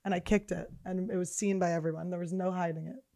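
A woman's voice: on the low side, steady tone, fast, vocal fry, mellow. A woman hosting a comedy podcast, telling profane stories with laughter in a loose, chatty way. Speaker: podcast host. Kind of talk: casual comedic chat.

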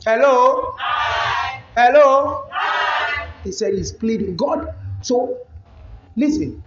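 A man preaching a sermon, building to shouted emphasis and firing rhetorical questions at the congregation. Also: very high-pitched, animated, slow pace, crowd noise, background noise. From Ghana. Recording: echoey church hall, dull lo-fi.

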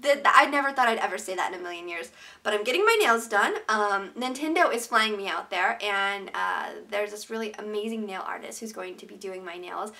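A young woman with a mid-range, sharp-toned voice vlogs to her viewers in a heartfelt, casual way. She's emotional and sincere, speaking openly, with lots of "like" and frequent restarts.

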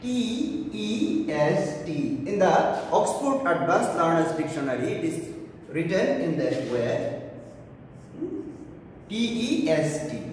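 Teacher repeating every phrase. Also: male voice, fairly high pitch, very animated, slow, long pauses, a little mellow, a little hiss or hum. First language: Bengali. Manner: repeats each phrase, checks with "okay?" and "clear?". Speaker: English lecturer. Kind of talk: classroom lesson. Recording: echoey room, voice far from the mic.

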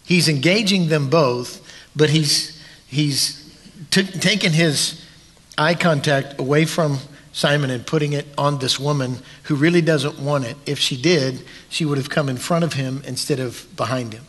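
A man pastor preaching a sermon in a church sanctuary, deliberate and emphatic, leaning on long pauses. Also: a little high, fairly bright tone, breathy edge. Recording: long church hall reverb.

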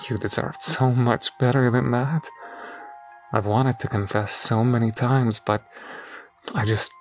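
Guy doing a broken-up sorry husband begging, voice cracking, slow, faint music under it. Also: medium pitch, fairly even intonation, close to an everyday voice. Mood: desperate pleading. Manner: pleading, voice breaking. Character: remorseful grieving man, desperate and pleading.

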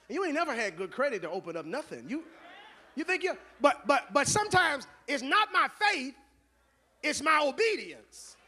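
A man preaching a sermon as pastor, moving from low conversational asides to loud shouted call-and-response. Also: big pitch swings, moderate pace.

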